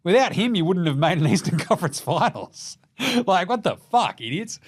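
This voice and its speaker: A man's voice: high voice, very animated, normal speed. A young Australian man hosting a casual, sweary basketball recap, joking and putting on mock voices of players. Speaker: basketball podcast host.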